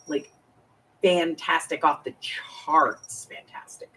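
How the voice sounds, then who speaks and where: Unhurried, breathy-voiced woman in her fifties hosting a crafting stream, chatty and confiding, a bit off-mic. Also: deep voice, pushed and bright, far from the mic, poor audio. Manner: chatty and confiding, greets viewers by name. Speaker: crafting live-stream host. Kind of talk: casual chat while crafting.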